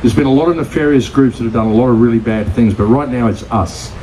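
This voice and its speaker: A man's voice: medium pitch, fast talker, dark tone, slight background noise, rough recording. A man giving a blunt, profane, ranting conference speech, often addressing the crowd as folks. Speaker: conference speaker. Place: conference stage.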